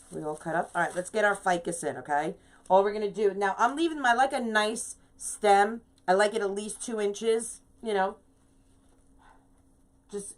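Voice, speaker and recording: A middle-aged woman hosting a live craft video, chatting casually while she works and greeting viewers by name. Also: mid-range voice. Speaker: craft livestream host.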